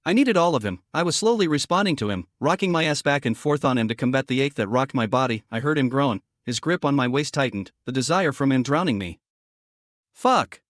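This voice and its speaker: A man giving a scripted first-person audiobook narration in a steady, even reading manner. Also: medium pitch, fast, hardly any pauses, no room sound, clean studio sound. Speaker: story narrator.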